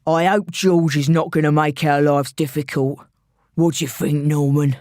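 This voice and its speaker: Woman doing a gruff London thug. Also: low voice, fairly even intonation, moderate pace, darkish tone, no echo, clean studio sound, voice pushed down, natural voice. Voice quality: gruff, hoarse.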